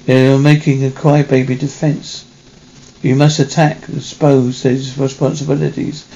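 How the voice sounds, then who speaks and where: A man reading a film script aloud in a halting way, correcting himself as he goes. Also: mid-range voice, level tone, vocal fry, mellow, dull audio. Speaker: reader.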